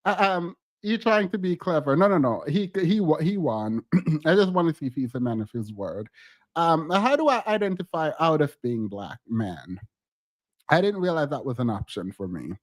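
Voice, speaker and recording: A man's voice: a little high, sing-song, normal speed, no room sound. A man co-hosting a livestream, chatting casually and teasingly with viewers, laughing often and repeating phrases. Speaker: livestream co-host.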